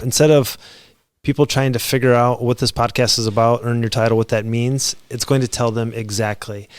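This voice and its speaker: Earnest male podcast host, smooth voice. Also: medium pitch, no echo, clean studio sound. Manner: earnest and grateful, with frequent fillers and restarts. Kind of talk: solo podcast monologue.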